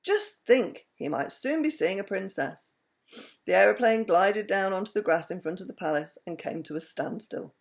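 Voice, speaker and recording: A woman reading a children's story aloud in an expressive, animated way. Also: mid-range voice, normal speed, vocal fry.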